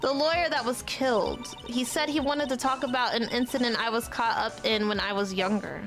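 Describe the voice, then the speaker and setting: A woman's voice: on the high side, a little fast, natural voice. A sweet, demure young woman on the stand, read by a woman, innocent-sounding and light. She's a game character, with music under her.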